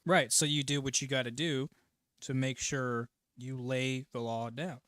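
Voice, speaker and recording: A man's voice: mid-range voice, steady tone, measured pace, a bit bright, clean tone, no room sound, clean studio sound. A man co-hosting a casual chat, blunt and given to stammering restarts. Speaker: podcast co-host.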